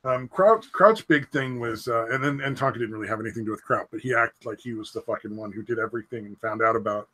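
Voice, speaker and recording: A man's voice: mid-range voice, fast talker, hardly any pauses, pushed and bright, poor audio. Rambling man on a casual podcast. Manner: rambling, hedges with "I mean" and "like". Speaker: podcast host. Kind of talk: casual profane chat.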